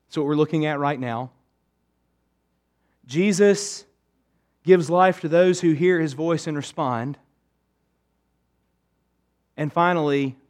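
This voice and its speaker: A male pastor preaching a sermon to his church, emphatic, swinging between raised urgency and hushed intensity. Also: fairly high pitch.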